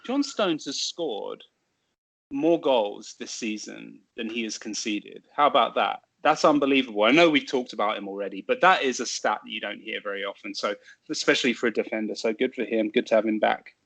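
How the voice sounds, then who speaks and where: A man co-hosting a casual football podcast, telling stories in a lively way with quick asides. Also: fairly low pitch, gravelly. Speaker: podcast co-host.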